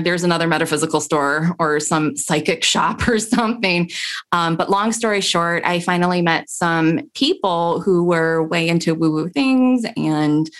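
A woman with a fairly low voice tells stories in a relaxed, chatty way. She is animated and laughs often, jumping up in pitch when she acts out what her friends said. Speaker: podcast guest, tarot reader and tech coach. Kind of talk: casual storytelling interview.

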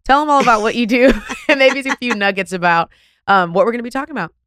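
A woman, hosting a podcast interview in an effusive, animated way with casual slang. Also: fairly high pitch, fast, dry recording, clean studio sound. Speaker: podcast host.

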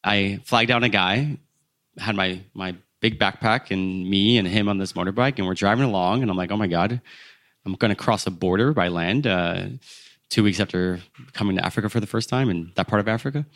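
Low-voiced guy in his 30s, animated, laughing through his travel tales. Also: a little fast, no room sound, studio quality. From United States. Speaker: podcast guest. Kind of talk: casual storytelling.

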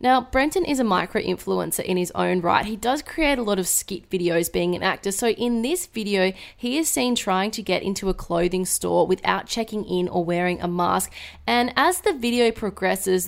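A woman co-hosting a podcast, reading measured segment intros and chatting in between. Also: mid-range voice, creaky. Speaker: podcast co-host. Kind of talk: scripted narration mixed with chat.

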